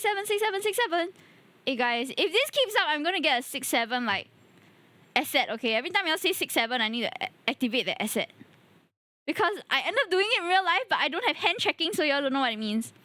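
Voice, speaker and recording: High bright chatty streamer woman. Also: dry recording. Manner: chatty and playful, addressing chat directly. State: tired. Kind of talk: casual live-stream chat.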